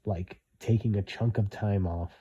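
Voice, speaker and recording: Blunt low-voiced man, repeats himself. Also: steady tone, a little slow, mellow, slightly rough, lo-fi sound. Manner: blunt, repetitive, emphatic. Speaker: commentator. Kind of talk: opinionated solo commentary.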